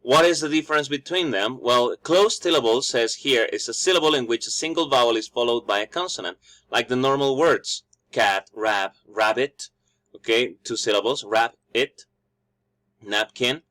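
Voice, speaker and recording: Male teacher, native Spanish speaker, mid-pitched voice, explanatory lesson delivery with restarts and slow, careful example words. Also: fairly bright tone. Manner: thinks aloud with restarts, models stressed words slowly. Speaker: English teacher.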